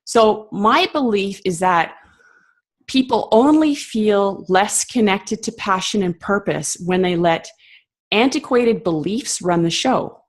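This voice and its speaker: A woman's voice: medium pitch, animated, slow. Passionate, emphatic woman interview guest. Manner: reflective, with frequent fillers. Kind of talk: conversational interview.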